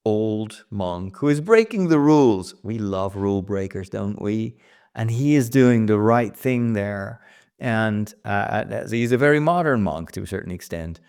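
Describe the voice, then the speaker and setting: A man's voice: medium pitch, a little mellow, clear, resonant tone. A man hosting a casual writing vlog, thinking aloud about his story plans with frequent restarts. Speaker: writer and vlog host.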